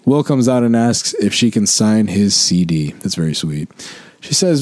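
A man's voice: mid-range voice, a little slow, dry recording. A man co-hosting a podcast, casually recapping a sitcom episode and reading trivia. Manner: relaxed, recaps plot then reads trivia. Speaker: podcast co-host.

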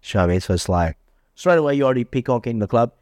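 A man's voice: mid-range voice, expressive, rapid-fire, darkish tone, dry recording, studio quality. Boastful man acting out pickup lines. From Australia. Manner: boastful, acts out quoted dialogue in a raised voice. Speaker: podcast host. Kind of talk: casual chat.

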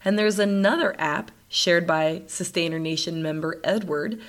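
A woman with a slightly low voice talks her way through a casual solo podcast episode. Her voice comes out nasal and stuffed up, and she sniffles now and then. She keeps the chat upbeat and breaks into laughter often. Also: moderate pace. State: congested, sniffling. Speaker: podcast host.

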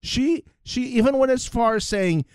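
Recapping a reality series on a laid-back podcast, this male co-host performs other people's words in exaggerated voices, his pitch leaping around animatedly. His voice is smooth, his pace ordinary, and the sound is dry.

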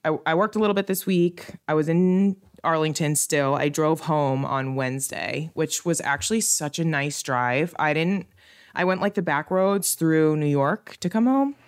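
A woman in her late twenties co-hosting a podcast, telling stories in an animated way with frequent laughter and casual swearing. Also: sits low, moderate pace, clean tone. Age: late 20s. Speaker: podcast co-host. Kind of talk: casual chat.

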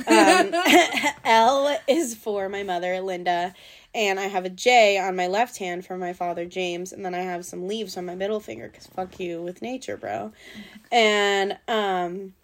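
Young woman, podcast guest, casual storytelling, filler-heavy, swears casually, middle pitch. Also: unhurried.

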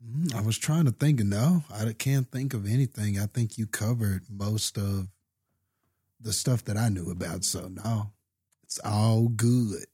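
A man's voice: on the low side, unhurried, dark tone, husky, no room sound, studio quality. A man co-hosting a podcast in casual chat, laid-back and teasing, calling his friend brother. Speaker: podcast co-host.

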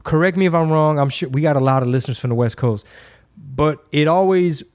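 A man from Texas hosting a podcast, telling stories in a casual, slangy and animated way. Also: fairly high pitch, fairly quick. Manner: animated, slangy, acts out quoted voices. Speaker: podcast host and rapper. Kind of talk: casual storytelling.

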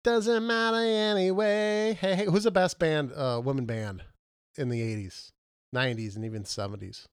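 A man's voice: medium pitch, normal speed, dry recording, studio quality. A middle-aged man co-hosting a casual chat, rambling and joking, often stumbling over his words. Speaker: podcast co-host.

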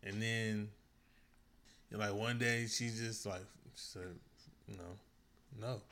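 A man in casual conversation with a fairly low voice, telling a story in a loose, rambling way. There is a faint ambient hum behind him. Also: fairly even intonation, takes it slowly, bright, forceful tone. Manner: laid-back, rambling, lots of "like" and "you know". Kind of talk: casual chat.

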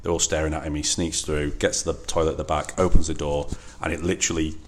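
Deep-voiced chatty man. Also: quick pace, slight background noise. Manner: chatty, laughs often, animated retelling of film scenes. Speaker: podcast co-host. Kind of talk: casual chat.

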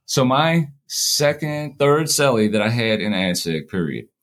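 A man's voice: mid-range voice, big pitch swings, measured pace, a bit bright. A man, likely in his forties, casually telling prison stories, acting out the dialogue and swearing freely. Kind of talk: casual storytelling.

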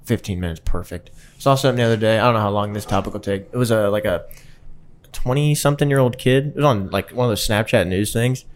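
Male co-host, low voice, halting jokey banter. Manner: joking, halting, repeats himself. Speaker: podcast co-host. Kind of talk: casual banter.

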